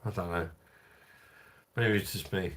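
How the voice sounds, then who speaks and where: A man's voice: deep voice, measured pace, a little hiss or hum. A man, drunk, hosting a crude, rambling livestream chat and reading out viewer comments. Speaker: livestream host.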